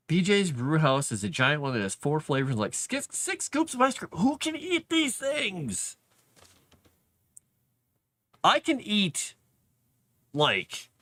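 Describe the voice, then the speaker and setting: A man's voice: on the high side, sharp tone, dry recording. A man hosting a casual live stream from his basement, chatting in a rambling way and laughing often. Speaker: livestream host. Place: home basement.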